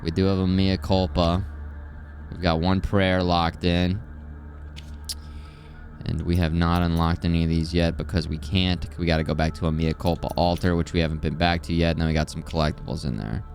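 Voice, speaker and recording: Deep-voiced man streaming games casually. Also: normal speed. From Missouri, US. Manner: relaxed, chatty, playful with mock drawls. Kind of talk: casual live gameplay commentary.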